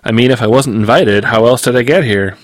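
A man's voice: medium pitch, a little fast, no echo, lightly acted. A man reading aloud and voicing a nervous, rambling talking male dog in a storybook. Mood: puzzled. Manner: hesitant and rambling.

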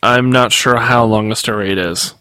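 A man's voice: medium pitch, normal speed, pushed and bright, clear, resonant tone, dry recording, natural voice. A man reading aloud and voicing a nervous, rambling talking male dog in a storybook. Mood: hesitant. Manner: hesitant and rambling.

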